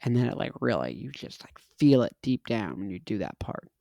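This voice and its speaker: A man's voice: lowish voice, very animated, fairly quick, gravelly, warm tone, no room sound. A man in his twenties, hosting a casual monologue, talking in an emphatic, repetitive, punchy way. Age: 20s. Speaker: host.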